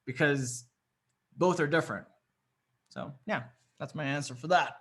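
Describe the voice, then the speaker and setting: A man's voice: fairly high pitch, unhurried, a bit bright. A man coaching a live dating session, swearing freely, piling up rhetorical questions and acting out the reactions he quotes. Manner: profane, emphatic, repetitive rhetorical questions; acts out quoted women's reactions.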